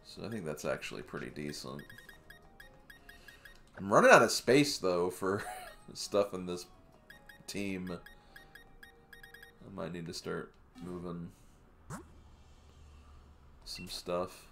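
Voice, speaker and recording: A man with a very low voice gives unhurried, casual gameplay commentary. His pitch swings widely as he thinks aloud, and he often chuckles at his own remarks. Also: lively intonation, creaky, fairly bright tone, soft background music. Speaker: game streamer.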